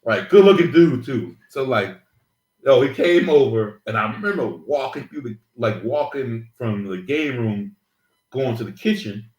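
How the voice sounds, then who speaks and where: A man talks in casual chat with a lively, swooping voice and acts out the lines of the people in his story. He laughs often as he goes. The room around him gives an echo. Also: medium pitch, unhurried. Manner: animated storytelling, laughing, acting out quotes. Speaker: podcast co-host.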